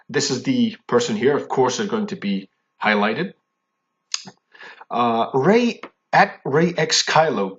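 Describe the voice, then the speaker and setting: A man at a middling pitch delivers a heated, indignant rant straight to camera. He repeats himself and restarts when worked up, and keeps tagging his points with a pointed "okay?". The sound is dull and lo-fi, like a cheap home mic. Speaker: fan commentary vlogger. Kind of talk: angry ranting monologue.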